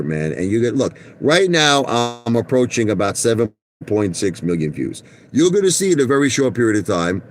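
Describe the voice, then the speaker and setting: A man's voice: fairly low pitch, a little hiss or hum. A middle-aged man from Brooklyn, telling rambling, boastful stories to his viewers from inside his car and repeating "listen to me" and "okay?". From Brooklyn, New York. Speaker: vlogger.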